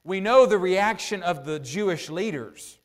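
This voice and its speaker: A man preaching a sermon in a conversational way, asking his listeners rhetorical questions and pausing often with "uh" as he thinks out loud. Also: sits high, expressive. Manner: thinks out loud with frequent "uh" pauses.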